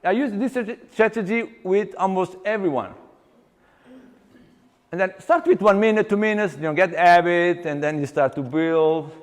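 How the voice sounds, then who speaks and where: A man, an exercise coach, giving a live seminar talk with animated storytelling, halting often and restarting his sentences. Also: sits high. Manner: animated storyteller who acts out client dialogue; halting, with many restarts and fillers. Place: seminar venue with long reverb. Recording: reverberant hall recording.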